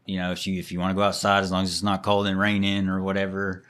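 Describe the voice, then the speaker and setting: Laid-back man with a lowish voice. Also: flat delivery, fast, few pauses, a bit bright. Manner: laid-back, acts out his toddler's whines. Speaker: podcast co-host. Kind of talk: casual chat.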